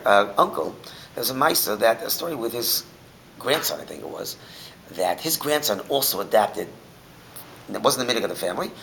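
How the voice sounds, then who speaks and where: A man teaching a Torah class, telling stories in an animated way that swings from shouting to a near whisper. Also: mid-range voice, creaky, slight background noise, poor audio.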